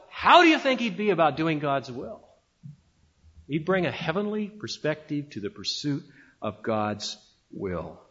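Lively-voiced man preaching a sermon. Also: on the high side, lo-fi sound. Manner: emphatic preaching with dramatic pauses. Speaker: pastor.

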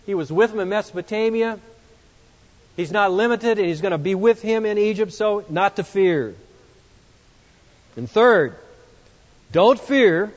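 A man preaching an expository sermon, emphatic, swinging between loud exclamations and hushed, reflective passages. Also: sits high, expressive, a little slow, long pauses. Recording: muffled sound with long hall reverb.

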